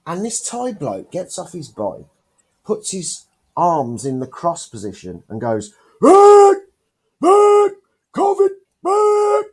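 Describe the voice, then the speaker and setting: This podcast co-host is a man with a medium-pitched, slightly breathy voice who talks at a measured pace. On a casual chat show he tells stories with animated energy and swears constantly.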